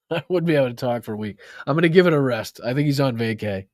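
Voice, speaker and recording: A sarcastic, foul-mouthed man with a Boston accent hosts a political livestream, mixing mockery with thank-yous to viewers. His voice sits in a middle pitch. The sound is dry and close, with no room around it. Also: expressive, fast, a little mellow, no room sound. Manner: profane, sarcastic, mocking. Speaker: political commentary host. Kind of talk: livestream commentary and reading viewer donations.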